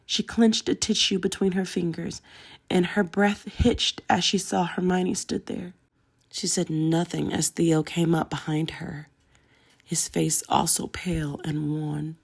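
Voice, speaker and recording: Low, gravelly woman reading a story aloud, steady delivery. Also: a little slow. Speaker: audiobook narrator. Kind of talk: storybook narration.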